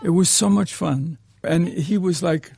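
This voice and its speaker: A man's voice: high voice, unhurried, gravelly, darkish tone, husky, no echo. A man who directs films, recalling his preparation and telling a digressive anecdote in an interview. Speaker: film director. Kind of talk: reminiscing interview answer.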